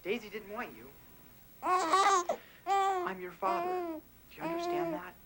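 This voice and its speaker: A young male actor playing a teenage boy, a high school senior overwhelmed as a new father, pleading and near tears in a 1980s TV drama. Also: sing-song, slow pace, gravelly, sharp tone, full character voice. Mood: exasperated. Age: teens. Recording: hissy old TV film audio.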